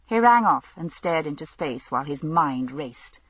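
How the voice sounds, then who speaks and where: A woman reads an audiobook mystery with expressive storytelling, her pitch moving freely up and down. Her voice is low and husky, recorded dry and close to the mic. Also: normal speed, no echo. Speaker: audiobook narrator. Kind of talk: scripted narration.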